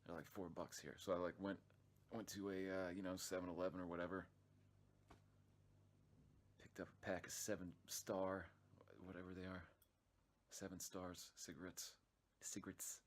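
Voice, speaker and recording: Low-voiced man telling a rambling story. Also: flat delivery, normal speed, slight background noise. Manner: rambling, swears freely, many restarts and fillers. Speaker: vlog narrator. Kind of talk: casual profane storytelling.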